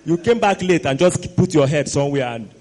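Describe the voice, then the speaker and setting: High, lively preacher. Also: male voice, brisk. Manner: animated, exclamatory, rising to shouts. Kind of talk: sermon.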